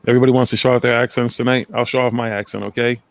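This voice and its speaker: A man's voice: medium pitch, level tone, racing, vocal fry, dry recording. A man with a Boston accent hosting a live stream, teasing and swearing in casual chat. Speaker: stream host.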